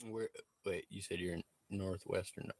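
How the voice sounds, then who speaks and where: A man's voice: sits low, fairly even intonation, normal speed, vocal fry, a little mellow, breathy edge, dry recording. A man chatting casually on a live stream, laid-back, swearing freely and laughing often. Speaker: livestreamer. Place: truck workshop.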